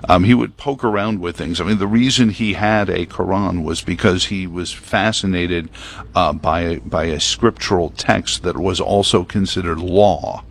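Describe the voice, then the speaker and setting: A man's voice: low voice, steady tone, normal speed. A man hosting a talk radio show, chatting casually in a rambling, opinionated way full of fillers. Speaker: radio host. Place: broadcast booth at a prayer meeting venue.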